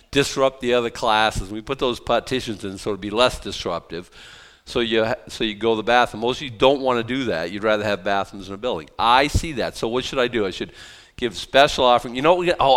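Joking pastor, smooth voice. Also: male voice, mid-range voice, a bit bright. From South Boston. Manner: conversational, joking asides, frequent restarts. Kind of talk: verse-by-verse sermon.

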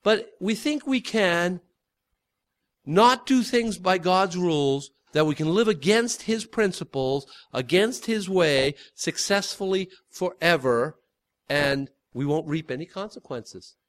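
Preacher guy, a bit high pitched, chatty and emphatic, repeats himself. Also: expressive, takes it slowly. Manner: emphatic, repetitive, conversational preaching. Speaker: pastor. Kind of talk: sermon.

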